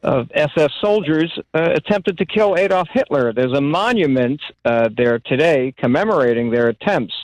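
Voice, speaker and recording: A man calling into a radio show, halting and hesitant as he makes his point. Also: fairly high pitch, lively intonation, no echo, low-quality recording. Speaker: caller. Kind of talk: call-in comment.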